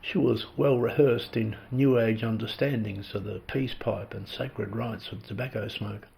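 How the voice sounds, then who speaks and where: Gravelly deadpan male storyteller. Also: fairly low pitch, measured pace. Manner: dry, wry deadpan delivery. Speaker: author reading his own short fiction. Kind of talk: first-person short story reading.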